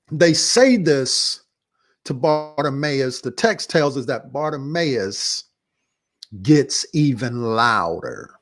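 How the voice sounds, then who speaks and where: A man hosting a church talk show, casually recapping a sermon in a relaxed, repetitive, slangy way. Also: a little high. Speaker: pastor and show host.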